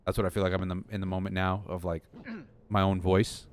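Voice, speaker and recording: A man's voice: low voice, little pitch movement, brisk, a little hiss or hum. A young man rambling and poking fun at himself as he chats to his viewers during a game stream at his home desk. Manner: rambling, self-deprecating, talks to chat. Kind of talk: rambling live-stream chat.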